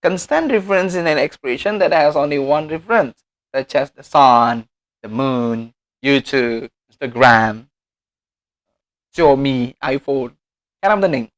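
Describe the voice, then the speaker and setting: A man's voice: mid-range voice, lively intonation, a little slow. A man with an Indonesian accent, whose first language is Indonesian, giving a recorded lecture as a teacher, explaining step by step with examples and often correcting himself.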